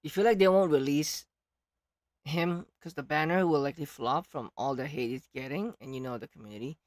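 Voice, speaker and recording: A woman streamer reacting to a game, animated and jokey, sometimes shouting, sometimes hushed, while losing her voice. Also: deep voice, a little fast, no room sound.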